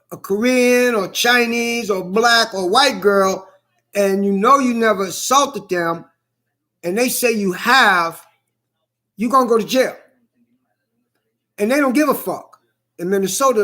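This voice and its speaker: A man's voice: very high-pitched, pushed and bright. A middle-aged man in a blunt, profane ranting monologue who hammers the same points again and again.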